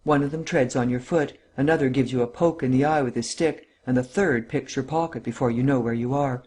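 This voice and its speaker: A man's voice: mid-range voice, fairly even intonation, brisk, a little mellow, natural voice. A man voicing an impatient, grumbling police inspector in a storybook reading. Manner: muttering, grumbling.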